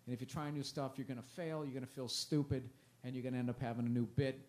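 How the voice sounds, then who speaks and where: A man's voice: mid-range voice, steady tone, fast, darkish tone. A man in his forties, a comedian talking in a loose, rambling, self-mocking way with plenty of swearing. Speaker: comedian guest. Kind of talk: casual chat. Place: festival interview.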